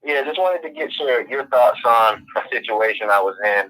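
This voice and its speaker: A man's voice: mid-range voice, lively intonation, normal speed, pushed and bright. A man from Florida calls in with a question and tells a long, rambling, casual story. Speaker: caller. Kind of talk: phone-in question. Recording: tinny phone line.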